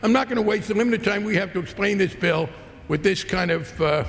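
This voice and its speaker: A man's voice: sits high, a little fast, creaky, a bit bright. A congressman giving a combative, sarcastic floor rebuttal in a large legislative chamber. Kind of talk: floor debate speech. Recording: long reverb of a large chamber.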